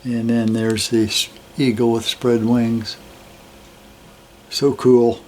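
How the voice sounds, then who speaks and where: Slow, easygoing older man. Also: mid-range voice, a little hiss or hum. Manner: slow, relaxed, admiring, with fillers. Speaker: metal detecting hobbyist host. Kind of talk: casual show-and-tell of a coin collection.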